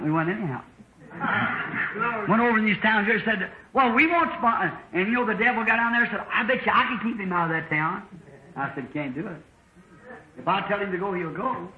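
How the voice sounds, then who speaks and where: A preacher with a notably high voice tells a homespun parable from the pulpit and acts out each character's lines. The recording is an old sermon tape that sounds dull and echoey, as if captured in a reverberant church. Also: male voice. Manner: folksy storytelling preacher, acting out dialogue with shifting voices.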